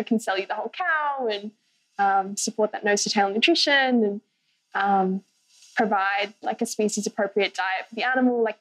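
Young woman, podcast guest, casual, chatty, lots of fillers, mid-pitched. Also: poor audio. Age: young adult. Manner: casual, filler-heavy, laughs lightly while talking.

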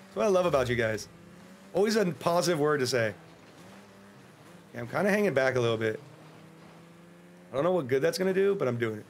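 An American man streaming a game, chatting casually in a joking, rambling way and breaking into sudden excited yelps. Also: mid-range voice, fairly quick, vocal fry, pauses often, a little hiss or hum. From United States. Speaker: livestreamer. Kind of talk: casual gameplay livestream commentary.

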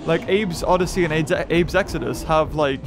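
Male gamer, high-pitched, excitable play-by-play, game music behind. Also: normal speed. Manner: excitable, thinking aloud, bursts of high-pitched shouts. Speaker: gaming YouTuber. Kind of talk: game commentary.

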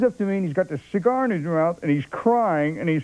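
A man's voice: fairly high pitch, fairly quick. An older man, a film actor, telling anecdotes as a talk show guest and acting out the voices of others. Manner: animated storyteller who acts out other people's voices. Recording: dull lo-fi broadcast tape.

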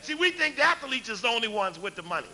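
Man, fiery lecture, high lively voice, bright tone. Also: quick pace. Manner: preacherly, call-and-response, raises voice to shout.

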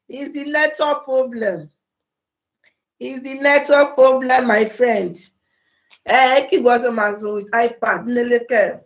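A Nigerian woman hosting a casual livestream on a phone or laptop mic, repeatedly pleading with and effusively thanking her viewers. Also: sits high. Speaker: livestream host.

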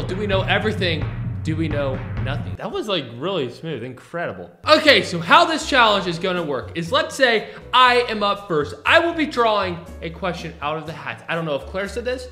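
A man's voice: high voice, very animated, moderate pace, pushed and bright, roomy sound, faint music behind. A man co-hosting a couple's vlog, chatting casually in a playful, jokey, teasing way. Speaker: co-host of a couple's channel.

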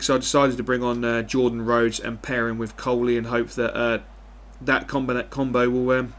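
A young man with a mid-range voice provides animated live commentary over a football video game. He swings between excitement and frustration and swears often.

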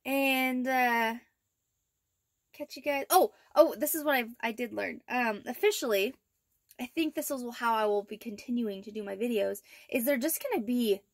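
A young woman with a high, light voice chats through a casual vlog update, rambling with plenty of fillers and little laughs. The sound is close and dry, with no room echo. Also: moderate pace. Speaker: vlogger. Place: inside her camper van.

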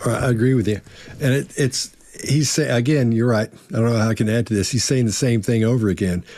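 A man's voice: mid-range voice, a little fast, mellow. A man in a casual panel discussion, talking emphatically and acting out imagined denials. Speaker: body language analyst.

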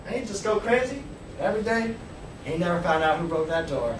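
A man's voice: high voice, animated, brisk. A young man telling a family story casually and animatedly, pointing out people in photos. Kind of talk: casual spoken storytelling with pictures. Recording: echoey room, distant mic, noisy.

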